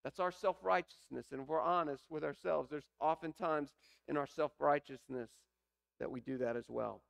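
A man preaching a sermon with a gravelly, creaky edge to his voice, pitched a little above the usual for men. He explains scripture and leans into his points with rising emphasis. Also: moderate pace. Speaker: pastor.

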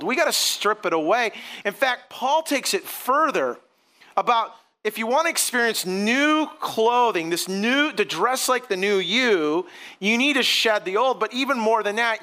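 A man's voice: high-pitched, pushed and bright. A middle-aged male pastor preaching a sermon in a conversational way, mixing personal stories and asides with scripture.

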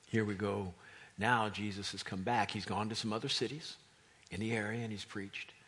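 A man's voice: fairly low pitch, fairly even intonation, normal speed, fairly bright tone, husky. A man preaching a sermon, retelling a story and acting out the voices of the crowd. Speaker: pastor.

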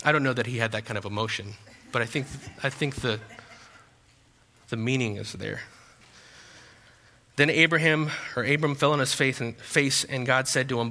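A man's voice: medium pitch, fairly quick, pushed and bright. A young man preaching a sermon as pastor, talking in a conversational, joking way. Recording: long hall reverb.

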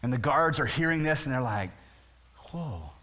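A man's voice: mid-range voice, quick pace, bright, forceful tone. A male pastor preaching a conversational sermon, briefly acting out the voices of the people in his story. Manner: conversational, acts out voices of the crowd.

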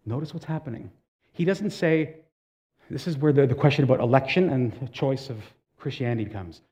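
A man's voice: mid-range voice, a little fast, dark tone. A man preaching a sermon in a conversational way, asking the congregation direct questions and telling stories with casual asides. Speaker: pastor.

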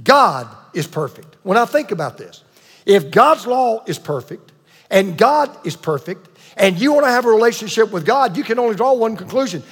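A man's voice: high-pitched, sing-song, moderate pace, a bit bright, breathy edge, long reverb tail. A man preaching a sermon with emphatic delivery, repeating key points and calling on the congregation to answer. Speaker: pastor.

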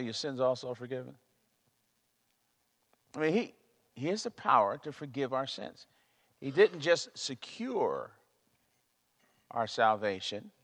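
Preacher echoing through a hall. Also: male voice, mid-range voice, fairly bright tone. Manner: emphatic, repeats himself, searches for words. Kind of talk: sermon. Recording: long reverb of a large hall.

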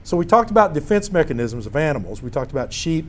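A man teaching a Bible class, with a slightly high voice. He tells stories in a lively, animated way, often stopping mid-phrase to start again while he talks through his slides. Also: fast, slight background noise. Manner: storytelling, animated, self-interrupting. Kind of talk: casual Bible lesson with slides.

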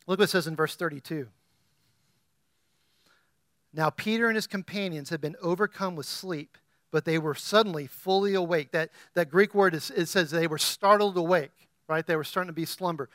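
A man preaching a sermon as pastor, asking the congregation questions and rising to loud, emphatic peaks. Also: a little high, moderate pace, no echo, studio quality.

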